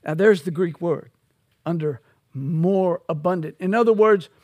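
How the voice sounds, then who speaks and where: Slow, emphatic high-voiced preacher man. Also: dry recording, dull audio. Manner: slow, emphatic preaching with sudden loud peaks. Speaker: pastor. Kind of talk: expository sermon.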